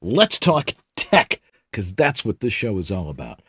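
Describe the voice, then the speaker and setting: A man's voice: fairly low pitch, huge pitch swings, measured pace, fairly bright tone, breathy edge, dry recording. A man co-hosting a casual tech show, reading listener questions with wry, jokey asides.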